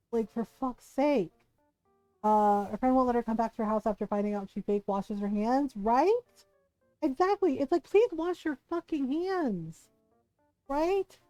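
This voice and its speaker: A woman streamer chatting casually, ranting in an animated way and swearing a lot. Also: fairly high pitch, dry recording, low-quality recording. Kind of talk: casual chat.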